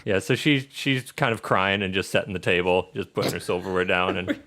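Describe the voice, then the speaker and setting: Man, game master, relaxed halting narration, tabletop game. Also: low-pitched.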